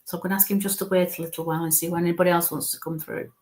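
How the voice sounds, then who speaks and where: A woman medium giving a live spirit reading, talking in halting bits and murmuring soft coaxing asides. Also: on the low side, flat delivery.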